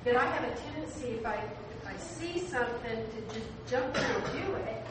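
A woman's voice: on the high side, expressive, normal speed. A woman in a Bible study group, sharing reflectively about herself. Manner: reflective, personal. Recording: distant, echoey, noisy room.

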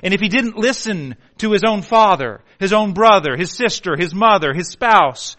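A man preaching a sermon with passion, swinging from hushed pleading to near shouting and stumbling over words when worked up. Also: sits high, animated, normal speed, few pauses. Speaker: pastor.

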